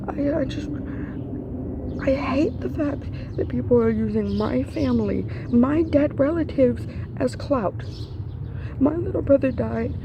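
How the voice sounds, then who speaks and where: A woman's voice: high-pitched, gravelly, noisy background. A young woman ranting to camera, upset and grieving, her voice breaking and dropping to whispers. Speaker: vlogger. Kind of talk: emotional rant to camera.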